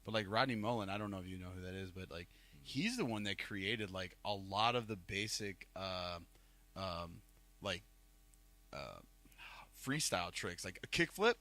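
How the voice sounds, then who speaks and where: A man with a Northeast Ohio accent hosts a casual podcast, telling rambling, filler-heavy stories. His low-pitched voice is expressive, bright, and forceful, moving at a normal speed.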